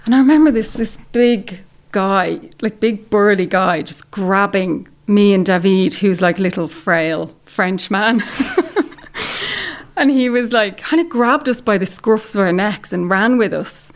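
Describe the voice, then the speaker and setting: Irish woman, podcast guest, casual animated storytelling, frequent "like", medium pitch. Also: unhurried. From Ireland. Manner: animated storyteller, heavy use of "like".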